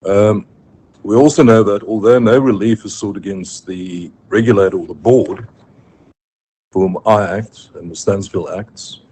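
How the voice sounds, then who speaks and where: A man with a South African accent, arguing formally before a judge in a courtroom, measured and careful, with frequent ums and self-corrections. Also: fairly low pitch, dark tone, rough recording. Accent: South African English. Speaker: advocate addressing the court. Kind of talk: legal argument in court. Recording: faint room noise, live court stream.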